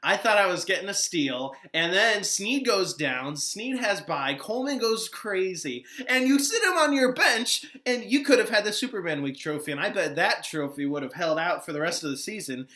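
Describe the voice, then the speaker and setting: A man's voice: high-pitched, big pitch swings, moderate pace, hardly any pauses, bright, forceful tone. A man hosting a fantasy football recap, chatting in a casual, exasperated way with laughing asides.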